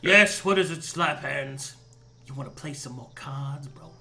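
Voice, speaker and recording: A man voicing a laid-back male toad knight who talks in a hushed, lazy, slangy way. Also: mid-range voice, unhurried, faint music behind.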